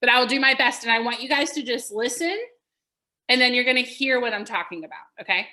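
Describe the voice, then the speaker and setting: A woman's voice: a little high, fast, pushed and bright. A woman coaching real estate agents in a webinar, upbeat and demonstrating script lines aloud.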